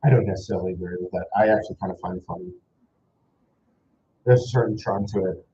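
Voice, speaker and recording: Young Dutch man, American-accented English, mellow voice, chatty reaction streamer, echoey room. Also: low voice, fast talker. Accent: American-influenced English. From Netherlands. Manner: chatty, exasperated, rambling asides. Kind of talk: live reaction commentary. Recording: slightly dull echoey room with faint noise.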